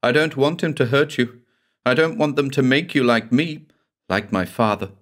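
A man's voice: medium pitch, moderate pace, fairly bright tone, voice pushed up, close to an everyday voice. A man voicing a terrified, half-possessed young woman who babbles and sobs. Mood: pleading. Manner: babbling, sobbing, pleading.

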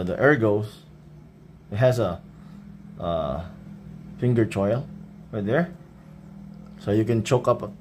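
A man with a Filipino accent doing a casual unboxing vlog, showing things off in a relaxed way and often adding a questioning "right?". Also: lowish voice, slight background noise. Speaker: knife reviewer.

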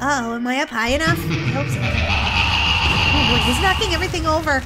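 A woman hosting a playful gameplay commentary, giggly and excitable, shrieking when startled. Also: sits high, fairly quick, loud music behind the voice. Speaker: gaming channel host.

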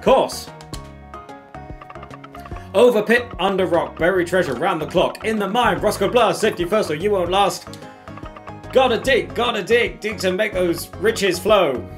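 A man's voice: high-pitched, measured pace, pauses often, soft background music, pitched above the performer's own voice. A man reading a game's dialogue aloud, voicing an eager, cheeky young girl in a raised, pleading, sing-song voice.

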